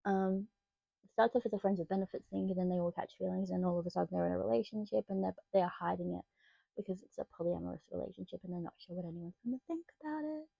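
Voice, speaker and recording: A woman's voice: fairly low pitch, gravelly, breathy edge, dry recording, highs cut off. A young Australian woman reviewing books in a chatty, rambling way that slides into rants. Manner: chatty, rambling, quick to rant. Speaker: book vlogger. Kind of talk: casual book review chat.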